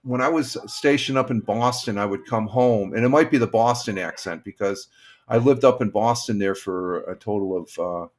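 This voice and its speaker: An older man from upstate New York hosting a live stream, casually chatting and reading viewer comments in a rambling, halting way. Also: lowish voice.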